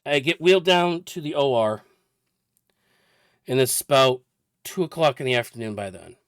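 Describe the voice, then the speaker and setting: A man's voice: medium pitch, expressive, normal speed, clean tone, no echo, studio quality. Man in his forties telling a story. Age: 40s. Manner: chatty, rambling recounting with detail. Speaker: vlogger. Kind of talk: casual personal storytelling.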